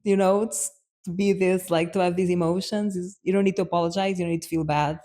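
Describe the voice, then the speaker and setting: A woman voicing a kind young male roommate who calmly reassures her, speaking in a soothing way. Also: fairly low pitch, fast, close to an everyday voice. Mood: reassuring.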